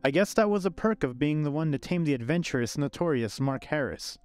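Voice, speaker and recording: A man narrating a scripted first-person love story in a calm, even way. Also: on the high side, a little fast, clean tone. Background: faint background music.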